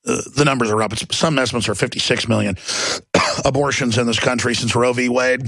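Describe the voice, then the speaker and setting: A man's voice: medium pitch, steady tone, brisk, vocal fry, a bit bright, dry recording. A middle-aged man ranting in a mocking, sarcastic monologue as a talk radio host.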